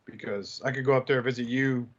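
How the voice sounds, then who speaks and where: A man's voice: mid-range voice, fairly even intonation, brisk, dull audio, a little hiss or hum. A man in his forties from New Jersey, co-hosting a podcast with crude, joking banter. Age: 40s. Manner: joking, crude, putting on silly voices. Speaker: podcast co-host. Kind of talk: casual chat.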